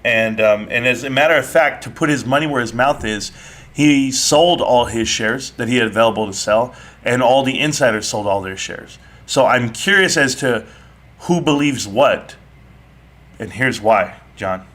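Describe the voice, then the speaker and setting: A brash man hosts a live online audio chat, needling his caller with mocking jabs. His voice is bright and edgy, and he switches between fired-up arguing and sarcastic teasing. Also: medium pitch, normal speed. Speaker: live stream host. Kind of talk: heated casual debate.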